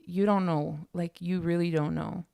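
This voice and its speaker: Woman guest, low and gravelly, earnest and open, bilingual chat feel. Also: fairly even intonation, normal speed, mellow, dry recording. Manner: earnest, emotional, quotes others in little voices. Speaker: podcast guest. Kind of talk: candid personal conversation.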